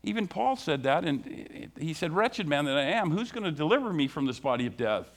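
High-voiced preaching man, questioning. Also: big pitch swings. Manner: asks the congregation frequent questions; reads scripture slowly, drops low and soft to stress points. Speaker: pastor. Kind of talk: sermon.

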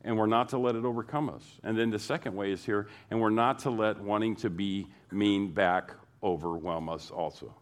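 A man's voice: on the low side, moderate pace, few pauses, clear, resonant tone. A man preaching a sermon to his congregation, repeating phrases and building emphasis as he goes. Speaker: pastor.

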